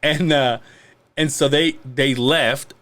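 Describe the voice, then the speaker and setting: A man's voice: mid-range voice, slow. A man from Mexico telling a rowdy story in casual chat, swearing freely and acting out other people's lines. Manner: profane, animated, acts out quoted lines.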